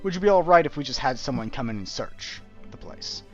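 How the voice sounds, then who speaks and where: A man's voice: mid-range voice, animated, fairly quick, faint music behind, close to an everyday voice. A man voicing a stern, suspicious male city constable who questions in a cool, probing way. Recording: dull lo-fi stream audio.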